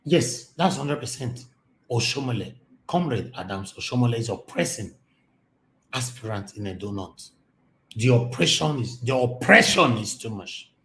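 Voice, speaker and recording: A man's voice: mid-range voice, animated, moderate pace, creaky, fairly bright tone. A Nigerian man hosting a live-stream commentary, impassioned and repetitive, talking from his home office. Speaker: host. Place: home office, generator running.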